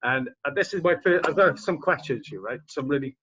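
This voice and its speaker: A man's voice: on the high side, animated, a little fast, fairly bright tone, lo-fi sound. A man interviewing a guest, mostly nodding along with short agreements before asking his own questions. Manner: frequent short agreeing backchannels. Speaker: interviewer, martial arts instructor. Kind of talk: casual interview.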